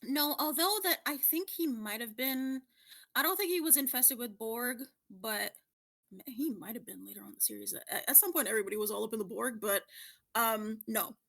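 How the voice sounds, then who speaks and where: High-pitched giggly woman hosting a quiz. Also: moderate pace, gravelly, fairly bright tone. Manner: giggly, laughs often while explaining. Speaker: podcast co-host running a quiz. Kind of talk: casual chat.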